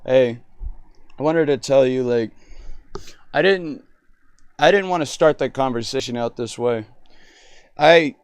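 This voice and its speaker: A man on a live stream chatting with an AI, excitable and rambling, often cutting in. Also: medium pitch, measured pace, pauses often, clear, resonant tone, no room sound.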